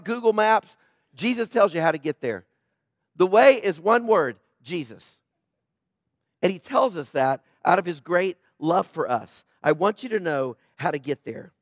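A pastor preaching a sermon with passion, swinging between loud emphatic lines and soft, intimate asides. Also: male voice, high voice, lively intonation, normal speed, no echo, studio quality.

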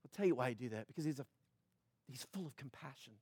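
A man's voice: medium pitch, animated, fast, a little mellow, slightly rough, no echo, studio quality. A man preaching a sermon, asking the congregation questions and acting out the people in the story. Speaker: pastor.

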